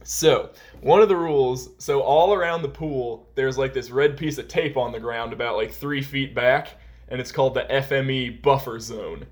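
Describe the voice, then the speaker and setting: A man's voice: medium pitch, normal speed. A young man telling a long work story in casual podcast chat, rambling with lots of "like" and "um". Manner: rambling, heavy use of "like" and "um". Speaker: podcast co-host.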